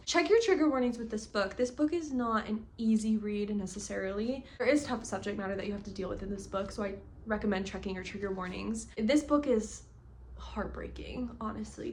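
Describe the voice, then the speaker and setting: A young woman gushing through a casual book review vlog, chatty and full of "like" fillers. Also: fairly high pitch. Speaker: book vlogger.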